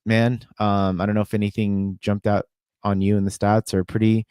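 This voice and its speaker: Low-voiced man walking through match stats. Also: level tone, moderate pace, darkish tone, smooth, no echo, clean studio sound. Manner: analytical, running through stats with fillers. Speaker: podcast co-host. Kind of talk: casual podcast chat.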